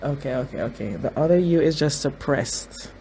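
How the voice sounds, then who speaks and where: An excitable host of a TV reaction video, talking casually through each scene and echoing the same words again and again while reacting. The voice sits at a middling pitch. A faint background hum lies under the talk. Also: normal speed.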